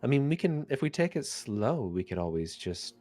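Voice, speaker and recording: A man's voice: medium pitch, very animated, moderate pace, warm tone, voice pushed up, natural voice. A man voicing an easygoing woman guide in a tabletop game, speaking loosely and rambling a little. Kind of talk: tabletop game role-play.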